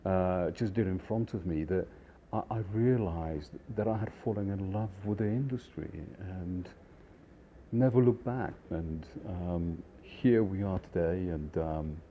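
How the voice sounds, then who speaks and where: Low-voiced chef telling stories. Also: male voice, unhurried, phone-quality sound, a little hiss or hum. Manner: rambling, animated, many fillers. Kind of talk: casual storytelling.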